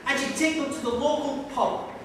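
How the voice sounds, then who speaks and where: A man telling a comic folk story to listeners in a museum, lilting and playful, dropping low for punchlines. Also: fairly even intonation, moderate pace, fairly bright tone. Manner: comic, lilting, with sudden drops to a low mutter. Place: museum hall. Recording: echoey hall, mic far off, faint noise.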